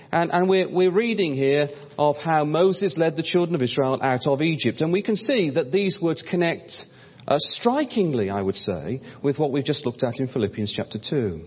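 A man preaching a Bible-study sermon, his fairly high, husky voice rising and falling with lively pitch as he reads old-fashioned scripture. He calls his listeners brothers and sisters. The voice rings out with a long reverb on a dull, lo-fi recording.

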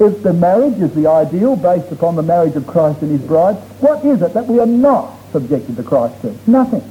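A man's voice: on the high side, sing-song, normal speed. A man preaching a sermon to his congregation, earnest and emphatic, drawing out key words for stress. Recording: dull lo-fi recording with faint noise.

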